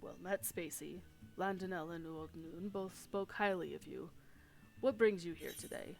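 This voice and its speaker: A woman reading the lines of an older male sea captain in a measured, formal way. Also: lowish voice, vocal fry, a little mellow, faint music behind. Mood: courteous, concerned.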